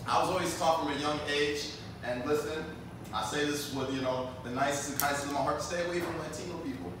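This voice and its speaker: A man's voice: fairly high pitch, steady tone, brisk, very echoey, far from the mic, noisy background. A man in his twenties from Jamaica doing a stand-up comedy set, telling stories in a loose, chatty way with lots of fillers. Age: 20s. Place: comedy club stage.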